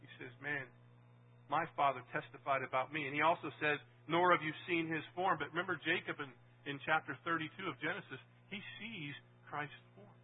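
A man preaching a sermon, animated, swinging from loud emphasis to quiet asides and putting questions to the audience. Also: a little high, fairly quick, phone-quality sound, slight background noise.

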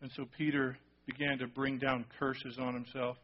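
A man preaching a sermon, telling a story with lively acted-out quotes and sudden drops to a hushed voice for emphasis. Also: mid-range voice, moderate pace, lo-fi sound. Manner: animated storytelling, acting out quotes, dropping to a hush for emphasis. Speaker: pastor.

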